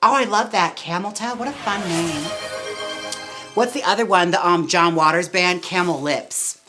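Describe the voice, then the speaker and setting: A man streaming live as a drag performer and wig stylist, trying on wigs and chatting in a campy way with quick laughing asides. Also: sits high, over music. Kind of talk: casual live-stream chat.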